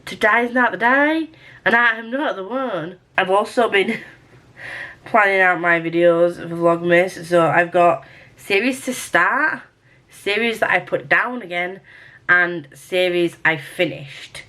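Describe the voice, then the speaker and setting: A woman's voice: fairly low pitch, takes it slowly, bright, forceful tone. A young woman chatting casually to camera at home about books, rambling and self-mocking, with casual swearing. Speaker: book vlogger. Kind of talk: casual vlog chat to camera.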